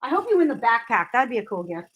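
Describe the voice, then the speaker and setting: A woman's voice: fairly high pitch, sing-song, fast talker, fairly bright tone, slightly rough. A woman co-hosting a giveaway livestream, chatting casually and laughing often. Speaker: co-host.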